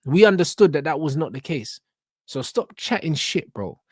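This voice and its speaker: A young man ranting in reaction commentary, blunt and full of street slang and swearing. His voice sits a little high. The sound is dry and close. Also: sing-song, moderate pace, husky, no echo. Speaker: reaction channel host.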